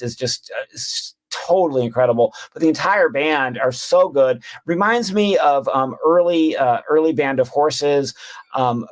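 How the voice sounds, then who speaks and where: Guy gushing about his fave records, lots of ums and uhs, mid-range voice. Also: medium pitch. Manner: rambling, enthusiastic, many fillers and restarts. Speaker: panelist ranking albums. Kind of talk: casual roundtable chat.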